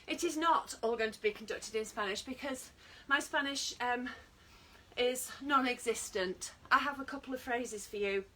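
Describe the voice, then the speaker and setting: A woman's voice: on the high side, pushed and bright, distant mic, slight background noise. A British woman teaching an online exercise class, chatty and encouraging, joking at her own expense. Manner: chatty, encouraging, self-deprecating. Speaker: fitness instructor.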